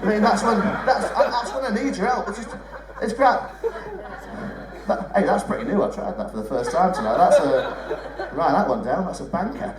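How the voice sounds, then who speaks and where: A man's voice: sits high, lively intonation, normal speed, recorded from a distance. A young man doing live stand-up comedy on a theatre stage, chatty and teasing the crowd, swearing freely. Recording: roomy theatre sound from off-mic.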